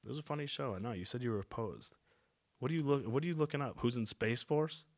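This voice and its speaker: A man's voice: medium pitch, expressive, fast talker. A young man co-hosting a podcast, chatting casually and laughing easily. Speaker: podcast co-host. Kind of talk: casual chat.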